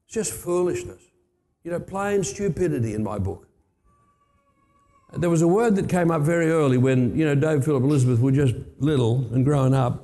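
A middle-aged Australian man preaching a sermon, telling blunt, emphatic stories and jumping up in pitch to stress a point. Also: mellow. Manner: blunt, emphatic storytelling with sudden rises for stress. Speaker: pastor. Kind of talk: sermon with personal anecdotes.

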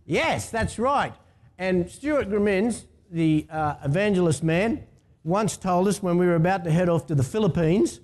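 High-pitched and animated, with a darkish tone, this Australian pastor preaches at normal speed in a chatty style, asking his congregation to respond.

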